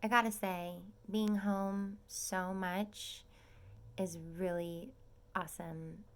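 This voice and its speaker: A young woman vlogging from her small apartment as a nursing student, chatting and gushing and often dropping into a soft whisper. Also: mid-range voice, fairly even intonation, takes it slowly. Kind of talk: casual vlog update.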